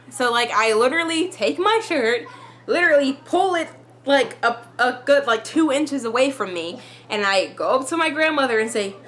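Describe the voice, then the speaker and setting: Young female vlogger, chatty storytime delivery, bright tone. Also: on the high side, animated, normal speed. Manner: chatty, full of "like" fillers. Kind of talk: storytime vlog.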